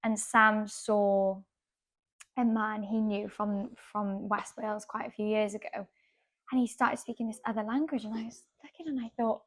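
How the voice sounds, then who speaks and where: A woman from Brazil, a guest in a casual interview, telling a lively story and acting out what people said. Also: mid-range voice, normal speed. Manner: lively anecdote-telling, acting out quoted dialogue. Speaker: guest patient.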